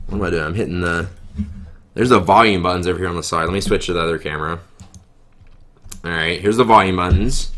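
A young man with a Southern US accent, a little sick, rambling excitedly through a live unboxing at home. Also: deep voice. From American South. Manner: rambling, filler-heavy, excitable. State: sick, coughing. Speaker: YouTuber. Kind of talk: live-streamed unboxing chat. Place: home room, girlfriend nearby. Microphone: webcam.

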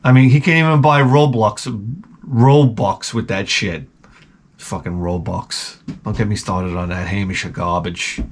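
A man's voice: on the low side, measured pace, a little hiss or hum. A middle-aged man from Long Island, telling a rambling, profane, sardonic story as a vlog host. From Long Island, New York. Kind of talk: casual rambling monologue.

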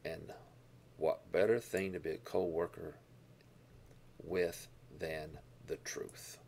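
Guy teaching a bible lesson, gravelly low voice, stresses words as he explains. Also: fairly even intonation, darkish tone, slight background noise. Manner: deliberate, explaining Greek words, stresses key words.

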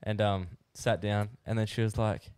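Low-voiced young Australian man. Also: fairly even intonation, normal speed, a little mellow, clear, resonant tone, no echo, clean studio sound. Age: young adult. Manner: rambling storyteller, swears freely, laughs mid-sentence. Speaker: podcast co-host. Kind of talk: casual chat.

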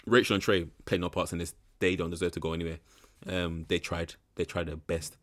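A man's voice: low voice, little pitch movement, fairly quick, fairly bright tone. A young man giving rambling, frank commentary in a casual reaction video. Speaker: reaction channel host.

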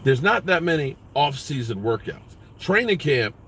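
A man's voice: on the high side, moderate pace, a little hiss or hum. Blunt, cursing man ranting in a vehicle. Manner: blunt, profane, animated ranting. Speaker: sports vlogger. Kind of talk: ranting live vlog.

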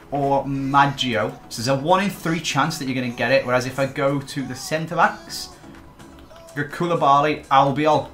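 A man's voice: on the high side, a bit bright. A man giving casual, teasing gaming commentary as a guest. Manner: teasing, joking banter. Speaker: guest YouTuber.

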